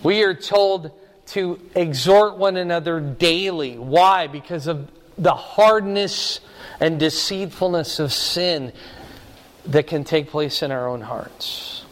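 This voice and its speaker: Slow, earnest preacher in a reverberant hall. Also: male voice, a little high. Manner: earnest, emphatic, slows down to stress key words. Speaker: pastor. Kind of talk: sermon.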